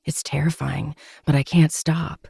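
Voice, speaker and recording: A man hosting a podcast, reading a romance novel aloud in steady, dramatic first-person narration. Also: on the high side, a little slow, creaky, slightly rough, no room sound, studio quality. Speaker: podcast host.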